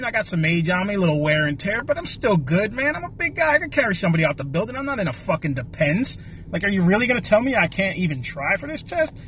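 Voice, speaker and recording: A man's voice: high voice, slight background noise. A man, ranting casually and profanely to his viewers in a rambling, wisecracking way. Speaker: vlogger. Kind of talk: casual rant to camera.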